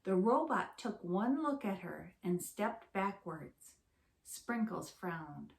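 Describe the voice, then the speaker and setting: A female teacher reads a storybook aloud to young children, speaking slowly, clearly, and expressively in a mid-range voice. The recording carries a roomy echo.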